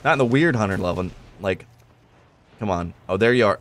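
A young man giving excited live gameplay commentary, joking, shouting at opponents and dropping to low mutters. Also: moderate pace. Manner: animated, jokey, swings from shouting to muttering. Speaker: gameplay reviewer.

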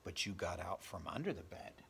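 A man voicing a soft-spoken croaky grandmother. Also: deep voice, sing-song, brisk, slight background noise, pitched below the performer's own voice, heavily acted. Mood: warm. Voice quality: soft, reassuring. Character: calm, steady old grandmother. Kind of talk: storybook read-aloud.

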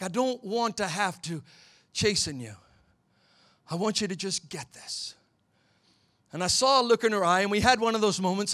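A middle-aged man preaching a sermon in a church, telling a family story and building to shouts at the high points. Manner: storytelling, swells to shouting at climaxes. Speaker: pastor.

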